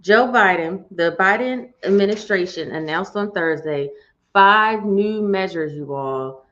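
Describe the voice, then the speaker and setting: A woman hosts a live-streamed morning show, her medium-pitched, fairly bright voice moving unhurriedly. She's chatty and folksy, addressing viewers directly, and the stream audio sounds dull and lo-fi.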